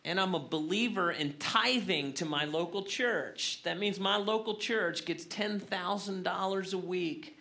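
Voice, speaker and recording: A man voicing a calm, smug stranded man who speaks matter-of-factly. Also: extremely high pitch, normal speed, vocal fry, voice pushed up, heavily acted. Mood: unbothered. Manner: relaxed, matter-of-fact.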